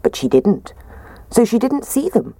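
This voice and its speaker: A woman reading a children's story aloud in a gentle, expressive way. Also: mid-range voice, a little slow, gravelly, dry recording.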